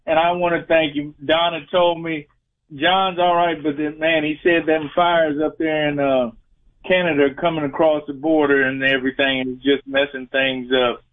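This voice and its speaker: A man's voice: a little high, little pitch movement, moderate pace. A man, calling in to a radio show and chatting in a rambling, friendly way. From Louisiana, USA. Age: 60s. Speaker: caller. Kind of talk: radio call-in chat. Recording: phone line.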